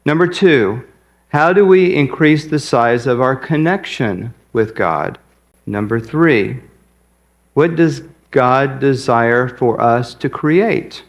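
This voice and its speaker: A man giving a folksy sermon as guest speaker, pausing often and hesitating. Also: medium pitch, expressive. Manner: folksy, hesitant with many pauses. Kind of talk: sermon with a joke. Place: church sanctuary.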